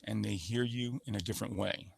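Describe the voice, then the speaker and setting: A man's voice: fairly low pitch, steady tone, a little fast, gravelly, slightly rough, dry recording. A man presenting a sales-skills webinar in a coaching manner, showing voice patterns with sample phrases. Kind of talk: instructional webinar talk.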